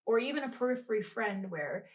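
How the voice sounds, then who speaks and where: A woman's voice: on the high side, expressive, fairly quick. A woman hosting a podcast who laughs easily and asks leading questions. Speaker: podcast host. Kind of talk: podcast conversation.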